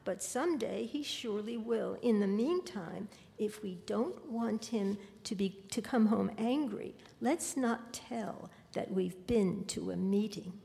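A woman's voice: medium pitch, unhurried, vocal fry, few pauses. A woman reading the lines of a patient mother reassuring her child in a literary story. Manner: gentle, reassuring. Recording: long hall reverb.

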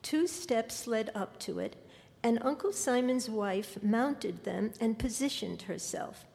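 Woman reading a story aloud, slow and deliberate, gravelly voice, big echoey hall. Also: on the high side, expressive, a little mellow. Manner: measured, deliberate. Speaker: author reading her fiction. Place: lecture hall. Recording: long hall reverb.

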